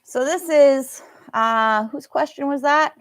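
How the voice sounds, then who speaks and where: A woman's voice: high voice, takes it slowly, no echo, clean studio sound. A woman with an American accent teaching a live online pronunciation class, chatting and laughing as she answers viewer comments. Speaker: English teacher.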